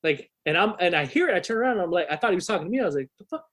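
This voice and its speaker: A young adult man chatting as a podcast guest, spinning a long story loaded with swearing and restarts. His voice sits a bit higher than most men's, and he talks in a loose, rambling way. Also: animated, rapid-fire, a bit bright. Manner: profane, rambling anecdote with frequent restarts. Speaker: podcast guest and rock musician.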